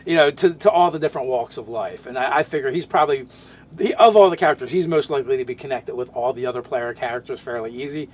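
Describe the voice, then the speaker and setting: A man's voice: mid-range voice, fast talker. A man in casual podcast chat, describing his tabletop game character, talking in loose, rambling sentences full of restarts and fillers.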